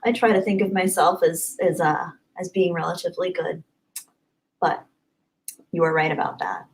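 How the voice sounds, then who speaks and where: A woman hosting a casual livestream, chatty and upbeat, thanking viewers by name and often trailing off softly. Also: lowish voice, fairly even intonation, moderate pace, poor audio. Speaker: livestream host. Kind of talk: casual live chat reading comments.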